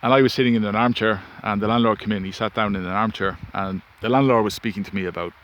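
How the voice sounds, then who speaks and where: A vlogger recorded on his phone outdoors, this man tells a rambling personal story in a casual way, often interrupting himself. His voice is lowish and fairly bright, with a steady tone and a fast pace. Faint wind and ambient sound can be heard.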